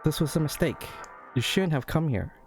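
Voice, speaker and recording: A cruel, contemptuous young woman on a blind date, as a man puts her on, her voice pitched a little above his own and cutting in tone. She sounds scornful and cold as she talks, with soft music faintly underneath. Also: very animated, normal speed.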